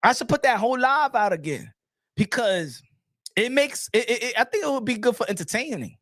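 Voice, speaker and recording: A man hosting a casual boxing live stream, animated and laughing, often repeating himself and switching between languages. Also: extremely high pitch, fairly quick, dry recording, studio quality.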